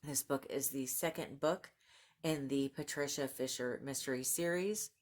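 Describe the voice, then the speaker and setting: A woman with a notably low, deep voice, talking casually as a book vlogger. She gushes about the books she loves, gets excitable, and laughs often between remarks. She switches between chatty asides and reading the back-cover blurbs aloud. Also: normal speed.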